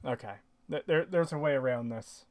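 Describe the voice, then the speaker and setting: A man hosting a livestreamed podcast in casual chat, reading donations and talking to chat in an easygoing way. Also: medium pitch. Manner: slow, easygoing, reads donations.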